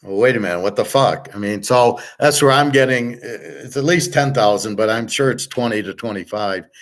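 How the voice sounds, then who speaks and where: Guy ranting off the cuff, swears a lot, keeps restarting sentences, trails off into ums. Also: fairly low pitch. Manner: blunt, profane, many restarts and trailing fillers. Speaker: podcast host and betting tipster. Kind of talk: casual rambling monologue.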